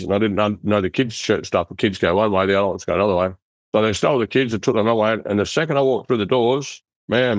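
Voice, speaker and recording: A middle-aged Australian man telling his life story in an interview, in a rough, blunt, animated way, acting out the voices of people he quotes. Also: on the low side, no room sound. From Western Australia. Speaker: interview guest. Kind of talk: casual storytelling.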